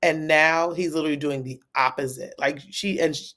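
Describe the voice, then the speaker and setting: A woman co-hosting a casual livestream chat, animated and quick to laugh, swinging between loud and soft. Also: sits low. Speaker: co-host.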